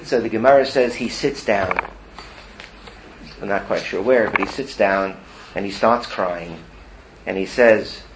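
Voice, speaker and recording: A man's voice: mid-range voice, noisy background. Male Torah teacher telling a story. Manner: animated storyteller who acts out quotes. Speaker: religious teacher.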